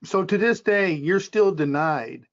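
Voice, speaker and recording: A man interviewing a veteran, asking questions and summing up the story in a steady, explaining way. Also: high-pitched, a little slow. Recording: muffled, lo-fi recording.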